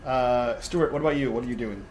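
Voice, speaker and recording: This dungeon master's medium-pitched voice has a darkish tone and moves fairly quickly as he narrates a tabletop role-playing game. His descriptions of scenes keep restarting with "uh" and repeated words, and the poor audio has slight background noise.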